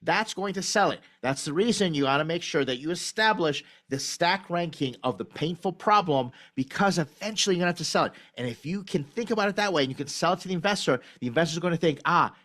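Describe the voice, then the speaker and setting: Blunt man critiquing pitch decks. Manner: blunt, direct, lively emphasis. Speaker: pitch deck reviewer. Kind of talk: candid video critique. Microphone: video call recording.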